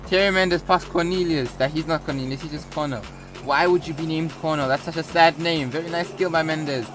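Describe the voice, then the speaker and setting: A man's voice: a little high, moderate pace, over music. A young man commentating a football video game, mixing sports-caster calls with rambling jokey asides. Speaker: gaming YouTuber. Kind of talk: casual gameplay commentary.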